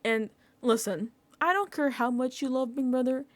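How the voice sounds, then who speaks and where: Young woman vlogger, bright high voice, lively, dry close mic, casual recap chat. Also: moderate pace, no echo. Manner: animated, mimics people in whiny pleading voices, swears casually.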